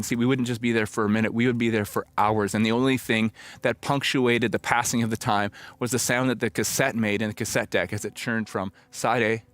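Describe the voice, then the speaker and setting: A middle-aged male pastor shares a personal story in a conversational, reflective sermon, occasionally acting out old conversations. His voice is mid-range and a bit bright.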